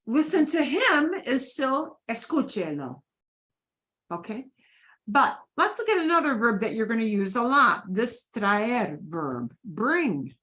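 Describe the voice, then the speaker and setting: Female Spanish teacher, higher voice, slow and patient, repeats drills for the class. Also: big pitch swings, a bit bright. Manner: patient, repeats phrases for students to echo. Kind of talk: beginner language class.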